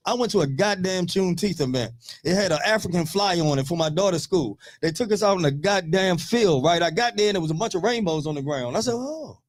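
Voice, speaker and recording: A man in his thirties on a radio talk show, telling profane, animated stories in casual chat. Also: high-pitched, fast talker, few pauses.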